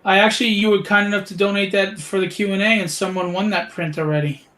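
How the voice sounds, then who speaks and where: A man hosting a casual online interview, talkative and friendly with quick asides. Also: high-pitched, flat delivery, fairly bright tone. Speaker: host. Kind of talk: casual video chat.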